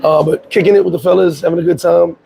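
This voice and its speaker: A hoarse man hosting a casual live chat, laid-back, shouting out viewers by name. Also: on the high side, fairly even intonation, fast, low-quality recording. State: hoarse, voice worn out. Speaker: livestream host.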